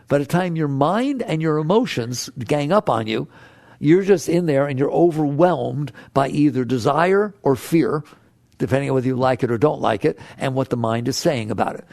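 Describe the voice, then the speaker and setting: An older man and spiritual teacher who gives an animated, conversational talk to a live audience, asks them questions and acts out inner voices. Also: medium pitch, gravelly, no echo, clean studio sound.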